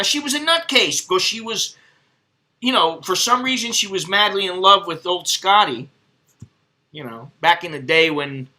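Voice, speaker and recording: A middle-aged man rambles through crude, profane anecdotes in a casual vlog monologue. His voice sits high for a man and has a piercing, tense edge. He talks loosely and freely, with plenty of asides. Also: bright, forceful tone. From United States. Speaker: vlogger.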